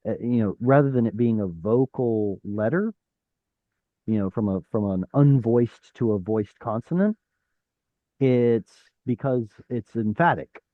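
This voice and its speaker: Heard over a video call with narrow, tinny sound and no room echo, a man with a mid-range voice leads an online Hebrew lesson. He walks through it step by step, pronouncing letters and fixing his own slips.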